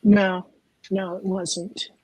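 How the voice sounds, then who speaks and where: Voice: mid-range voice, flat delivery, extremely slow, darkish tone, breathy edge, no room sound, poor audio. A tabletop game player thinking aloud earnestly about what to do next.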